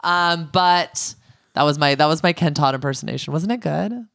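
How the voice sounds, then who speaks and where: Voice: medium pitch, lively intonation, fast, vocal fry, dry recording, studio quality. A podcast co-host chatting casually and opinionatedly in a reality-TV recap, with jokey asides.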